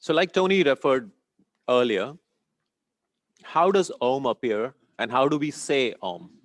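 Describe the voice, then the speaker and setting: A man leading a group in a meditation and chanting lesson, speaking calmly, giving steps and checking in often with "okay?". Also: medium pitch, unhurried, dry recording. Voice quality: sweating, a little warm. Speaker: meditation teacher. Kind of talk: guided breathing and chanting lesson.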